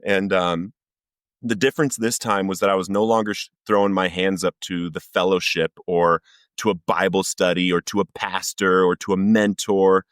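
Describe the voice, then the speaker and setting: A man with a very deep, low voice tells his recovery story as a podcast guest. He speaks earnestly and vividly and acts out the lines he quotes. The sound is dry and close, with no room around it. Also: fairly even intonation, moderate pace, no room sound. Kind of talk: personal recovery testimony.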